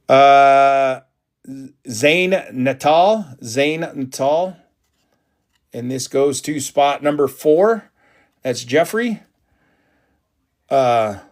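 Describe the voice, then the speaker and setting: A man hosting a live trading card break, talking excitedly and casually to his viewers. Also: on the high side. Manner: excitable, hyped, chatty with viewers.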